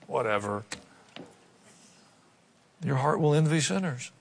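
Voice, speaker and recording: A man's voice: on the high side, lively intonation, moderate pace, a bit bright, big-room sound, slight background noise. A man preaching a sermon, reading scripture aloud and breaking off into humorous asides and mock voices. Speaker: pastor.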